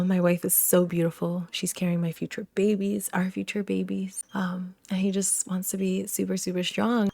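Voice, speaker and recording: A young woman chats through her life-simulation game, gushing and fond as she speaks her characters' thoughts. Her voice is warm and mellow, at a middle pitch. It sits close and dry, with no room sound. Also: no room sound. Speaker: let's play host. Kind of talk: casual gameplay commentary.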